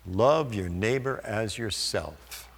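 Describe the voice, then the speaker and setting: Slow gravelly preacher in a hall. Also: male voice, lowish voice. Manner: slow, deliberate reading of scripture with pauses. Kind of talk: sermon.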